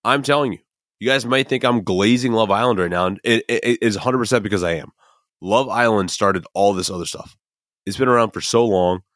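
A young Midwestern man hosts a podcast in a lowish, fairly bright voice, talking a little fast. He rambles casually and emphatically, with lots of fillers and the occasional curse word. The studio recording is clean, with no room sound.

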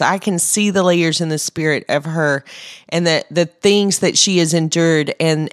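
A woman's voice: lowish voice, no echo, studio quality. A woman giving an earnest Christian testimony, stringing long sentences together with "and" and building to an urgent exhortation. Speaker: Christian speaker sharing a mission testimony.

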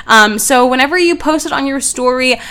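Bubbly young woman, slightly high voice. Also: fairly quick, pushed and bright, clean tone. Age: 20s. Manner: bubbly, effusive, gushing. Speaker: podcast host. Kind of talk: casual solo podcast talk.

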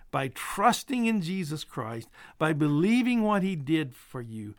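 A man preaching a sermon and leading a prayer in an earnest, measured way, growing soft and quiet at the ends of his points. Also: sits high, no echo, studio quality.

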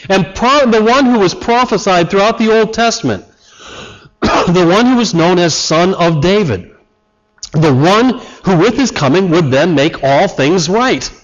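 A man preaching a sermon with passion, acting out loud cries and dropping to quiet, earnest tones. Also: sits high, expressive, a little slow, dull audio. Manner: impassioned, dramatic, acts out cries. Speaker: pastor.

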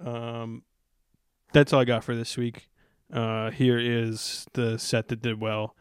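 A man's voice: mid-range voice, little pitch movement, slow pace, smooth, no echo, studio quality. A man hosting a podcast, telling a story in a laid-back, rambling way. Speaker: podcast host. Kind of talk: casual storytelling chat.

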